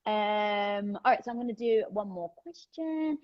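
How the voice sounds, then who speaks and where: A woman's voice: mid-range voice, a little slow, lo-fi sound. A woman with a British accent hosting a casual livestream from home, chatting energetically and candidly as she answers viewer questions. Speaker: host of a livestream. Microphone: phone livestream.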